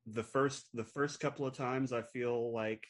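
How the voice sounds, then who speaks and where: A man's voice: mid-range voice, steady tone. Agreeable man in casual chat. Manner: agreeable, chatty, quick to affirm.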